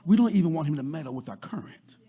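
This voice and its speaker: Man preaching, husky, a bit high, folksy and repetitive, loud to soft. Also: animated, fast talker, lo-fi sound. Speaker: pastor. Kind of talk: sermon.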